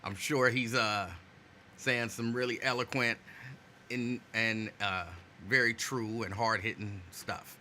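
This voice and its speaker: A man hosting a casual live stream, greeting viewers by name and chatting loosely while saying his energy is low. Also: steady tone, slow pace, bright, forceful tone, slight background noise. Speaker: host.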